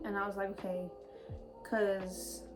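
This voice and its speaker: A woman's voice: medium pitch, flat delivery, a little slow. Young woman chatting over background music. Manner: chatty, lots of "like", laughs easily. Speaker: vlogger, new mother. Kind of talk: casual storytelling chat.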